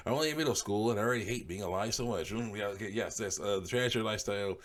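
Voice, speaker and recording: A man's voice: fairly low pitch, fast talker. A man reading comments aloud and answering them in blunt, dismissive retorts, chuckling often between remarks. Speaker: online commentator.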